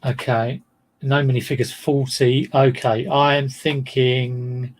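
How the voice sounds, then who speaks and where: A man's voice: mid-range voice, flat delivery, takes it slowly. A middle-aged man chatting casually on a livestream as a reseller, rambling and self-deprecating.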